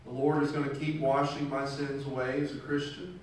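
A man delivers a sermon in a church hall, telling stories conversationally and appealing earnestly to those listening. He speaks a little fast with a medium pitch and flat delivery, recorded from a distance in a very echoey hall with a little hiss or hum.

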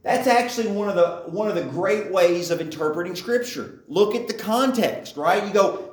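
A man's voice: sits high, moderate pace, few pauses. Chatty man teaching in an echoey room. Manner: chatty, checks in with listeners. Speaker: Bible teacher. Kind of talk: conversational Bible teaching.

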